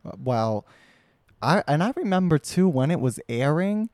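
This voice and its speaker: A man's voice: on the high side, very animated, a little mellow, no echo, clean studio sound. Young man joking in casual banter. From New Jersey. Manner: halting, joking, restarts often. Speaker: podcast co-host. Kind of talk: casual chat.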